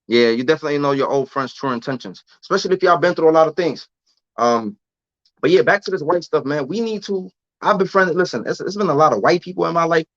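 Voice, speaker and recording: A vlogger answers live chat on a livestream, his slightly high voice recorded without echo and with the highs cut off. He chats casually, loose and slangy, often restarting and repeating his words.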